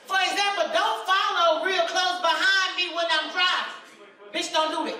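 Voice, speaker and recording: Loud brash high-voiced woman comedian. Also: moderate pace. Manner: loud, brash, repetitive catchphrases. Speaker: stand-up comedian. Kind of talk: profane stand-up routine. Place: comedy club stage. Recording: echoey club from far off.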